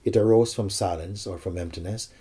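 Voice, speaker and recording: A man with a very dark, mellow tone and a husky grain, speaking as a spiritual teacher. He talks slowly and reflectively, with many pauses, and his voice sits on the low side. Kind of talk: spiritual dialogue.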